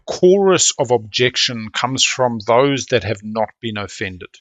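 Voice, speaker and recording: A man from South Africa with a South African accent, commentating live on a board game in a chatty, excitable, slangy way. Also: medium pitch, unhurried, no echo, dull audio.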